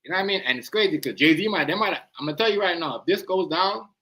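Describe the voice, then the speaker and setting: A man's voice: high voice, animated, fast, pushed and bright, low-quality recording. A man hosting a live stream, rambling in casual slang and often asking "you know what I mean".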